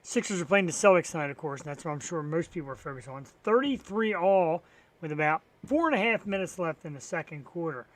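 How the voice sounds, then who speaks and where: A man's voice: fairly high pitch, expressive, fast. A man hosting a live online talk show on his own, rambling casually with wry, profane asides. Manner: rambling, profane and wry, sarcastic about sports. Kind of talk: solo live-stream chat filling time.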